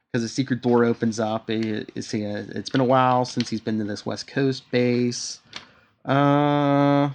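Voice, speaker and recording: A man with a mid-range voice casually walks through a comic story on a podcast. He keeps pausing with fillers, then reads the villain's lines with loose theatrical flair. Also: medium pitch. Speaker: podcast co-host. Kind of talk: casual chat, recapping a comic.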